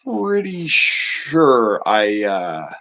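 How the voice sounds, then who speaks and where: A man hosting his own show delivers a rambling, profanity-laced rant. His pitch swings widely as he works himself up, and he breaks into amused, exasperated laughter at his own complaints. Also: sing-song, extremely slow, sharp tone, dull audio. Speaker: show host. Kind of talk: casual ranting monologue.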